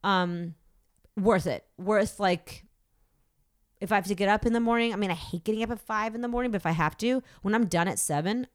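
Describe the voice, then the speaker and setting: Woman, thirties, talky actor guest, filler-heavy casual chat, mid pitch. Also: brisk, dry recording, clean studio sound. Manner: chatty, self-deprecating, many "like" fillers.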